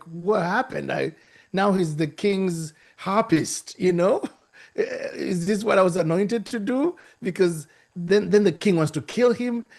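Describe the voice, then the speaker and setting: A man from Uganda giving a lively, preacher-like motivational talk, often repeating his phrases. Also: high-pitched. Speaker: speaker at a youth talk.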